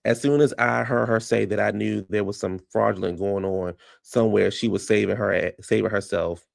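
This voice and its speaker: A man's voice: fairly low pitch, fairly even intonation, moderate pace, vocal fry. A man giving casual commentary, recapping reality TV in a chatty, incredulous way with lots of rhetorical questions.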